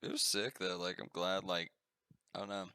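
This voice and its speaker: This is a young man co-hosting a casual podcast, telling an animated, profanity-laced story. His voice sits a little low but has a bright edge. The sound is dry and close. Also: normal speed, clean tone, no room sound. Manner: animated storyteller, swears freely. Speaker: podcast co-host. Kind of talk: casual chat.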